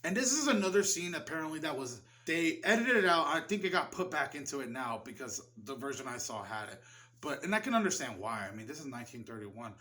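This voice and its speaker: A man's voice: a little high, big pitch swings, fast, pushed and bright. A man giving a casual film review, rambling loosely and swearing freely. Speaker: movie reviewer.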